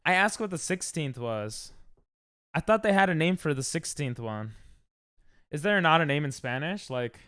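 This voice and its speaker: Young guy streaming, rambly, clear smooth voice kinda high, dry close mic. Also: animated, normal speed, no echo. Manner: rambling, loud yelps when dying in game. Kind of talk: casual live-stream chat while gaming.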